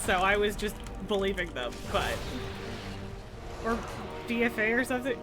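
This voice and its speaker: A woman's voice: mid-range voice, expressive, normal speed, music in the background. A woman streaming a game live, chatting casually, laughing often and swearing freely. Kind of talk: casual live gameplay commentary.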